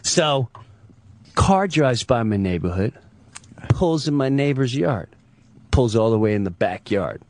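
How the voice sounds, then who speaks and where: A man's voice: mid-range voice, a little slow, pauses often, slight background noise. A man telling a comic story as a radio guest, acting out the voices of everyone in it. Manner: animated, acts out voices. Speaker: comedian guest.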